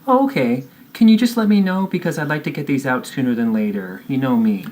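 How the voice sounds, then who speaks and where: A man voicing a breezy middle-aged mother in a therapy role-play, chirpy and quick to wave away concerns. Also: medium pitch, animated, darkish tone, a little hiss or hum, lightly acted.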